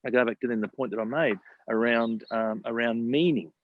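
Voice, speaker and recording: A man's voice: medium pitch, a little fast, narrow, tinny audio. A man coaching in casual talk, repeating phrases and asking himself questions. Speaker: mindset coach.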